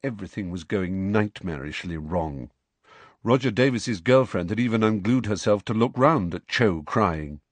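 A man narrating a novel aloud with expressive storytelling. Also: on the low side, moderate pace, no room sound. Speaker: audiobook narrator. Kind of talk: scripted narration.

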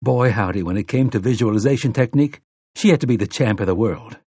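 A man narrating an audiobook with steady, dramatic storytelling. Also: on the low side, quick pace, husky, no echo, clean studio sound. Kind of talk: scripted narration.

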